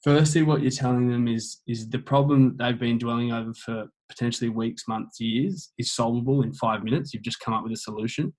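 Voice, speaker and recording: An earnest man talks through his points in a relaxed interview. His voice sits in a middle pitch, and he circles back over his phrases as he explains them. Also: a little fast, few pauses, poor audio. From Australia. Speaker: guest on men's mental health. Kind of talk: casual conversational interview.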